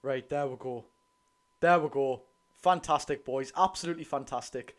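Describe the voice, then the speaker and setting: A man with a Geordie accent chatting excitedly to his viewers during a live football watch-along. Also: medium pitch, moderate pace. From North East England. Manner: chatty, excitable, keeps addressing the lads. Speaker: football fan streamer.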